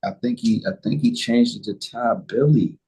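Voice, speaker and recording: A man's voice: medium pitch, normal speed, warm tone, slight background noise, rough recording. A man in a group call asking casual questions in loose, informal speech.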